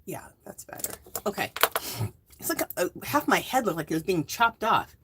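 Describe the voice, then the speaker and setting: A woman's voice: mid-range voice, sing-song, moderate pace, noisy background. A woman in her fifties from the US West Coast, chatting casually on her livestream, greeting viewers by name and rambling off into asides. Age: 50s. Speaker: livestream host.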